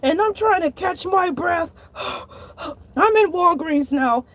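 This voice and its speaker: A woman voicing an excitable male shark who tells a comic story in a dramatic, exasperated way and sometimes bursts into shouting. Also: very high voice, a little slow. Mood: panicked. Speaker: show host.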